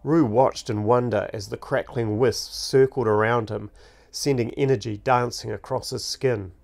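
A man narrating his own fantasy book, reading slowly and deliberately. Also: medium pitch, fairly even intonation, creaky. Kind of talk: storybook narration.

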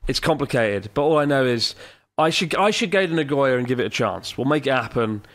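A man's voice: mid-range voice, expressive, fairly quick. Chatty man hosting a podcast. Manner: jokey, chuckles often, reads listener emails aloud. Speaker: podcast host. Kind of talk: casual podcast chat.

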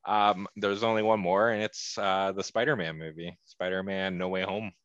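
A man's voice: deep voice, steady tone, moderate pace, a bit bright, clear, resonant tone, no room sound, lo-fi sound. A man co-hosting a casual movie podcast who jokes and laughs often. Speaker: podcast co-host. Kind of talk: casual chat.

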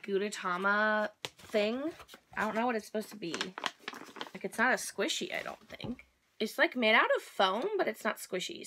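A young woman hosting an unboxing vlog, gushing with excitement and dropping into whispered squeals. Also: a little high, slight background noise. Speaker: YouTube host unboxing a subscription box.

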